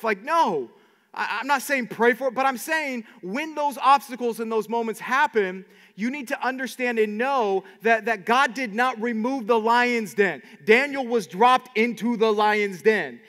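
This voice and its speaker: A man preaching a sermon to his congregation, animated, with many repeated words and quick asides. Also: very high voice, big-room sound. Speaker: pastor.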